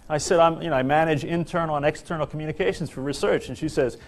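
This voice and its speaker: A middle-aged man gives a comic speech to a large employee audience, telling stories with animated, self-mocking delivery and dramatic pauses. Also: fairly high pitch. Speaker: corporate speaker at an employee seminar. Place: large hall before an audience.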